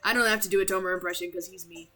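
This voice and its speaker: A woman's voice: mid-range voice, fairly even intonation, racing, pushed and bright, soft background music. A woman streamer chatting casually, joking around in a playful way with lots of slang. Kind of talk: casual chat.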